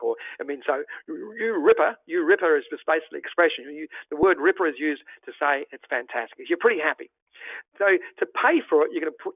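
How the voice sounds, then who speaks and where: An Australian man with a slightly raised voice pitches travel in an upbeat, folksy, promotional way. His voice comes through a tinny, phone-like line with a dry, close sound. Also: no echo. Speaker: travel presenter. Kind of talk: online travel presentation.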